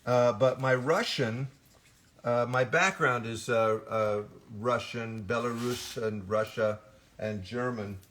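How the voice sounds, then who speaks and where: A man's voice: mid-range voice, slow, fairly bright tone. An older man, a voice actor at an autograph signing, telling rambling stories in casual chat and often restarting his sentences. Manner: rambling anecdotes with frequent restarts and self-corrections.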